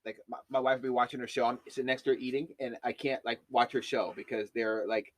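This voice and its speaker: A man hosting a casual podcast chat, telling stories in an animated way and swearing freely. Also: mid-range voice, fast talker.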